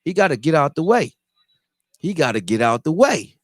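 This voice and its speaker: A man's voice: a little high, normal speed, dry recording, studio quality. A man who makes football videos, speaking in a casual, profane sports rant and acting out quotes. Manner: animated, profane, acts out quotes. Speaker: fan commentator making football videos.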